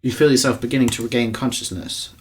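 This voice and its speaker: A man's voice: mid-range voice, steady tone, fast, soft background music. A man playfully reading a game's story aloud and joking about it. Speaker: let's player. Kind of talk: playful game narration.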